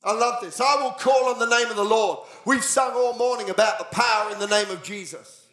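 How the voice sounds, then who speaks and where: A man preaching a sermon in a church, telling the story with lively voices and bursts of shouting. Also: high-pitched, brisk. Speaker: pastor. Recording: echoey church hall.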